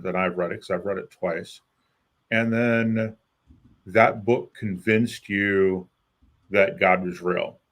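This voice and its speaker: A man co-hosting a call-in show, speaking in a halting way with skeptical questions. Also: lowish voice, fairly bright tone. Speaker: co-host. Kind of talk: casual call-in talk.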